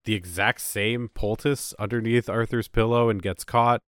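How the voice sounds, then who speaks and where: A man co-hosting a casual show recap, often slipping into quick voices for the characters he quotes. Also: on the low side, fairly even intonation, no echo, clean studio sound. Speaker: podcast co-host.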